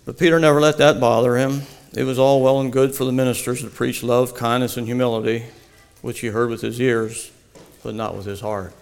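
A man reading a devotional story aloud in a slow, earnest storytelling manner. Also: medium pitch, steady tone, gravelly, clean tone. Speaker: narrator. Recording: long hall reverb.

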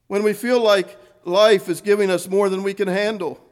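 A man preaching a sermon, earnest, rising to fervent emphasis and then dropping soft. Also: high voice, fairly even intonation, normal speed.

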